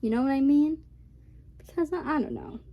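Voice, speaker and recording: A woman's voice: high voice, moderate pace, gravelly, muffled recording. A young woman hosting a reaction video, rambling in casual chat full of fillers.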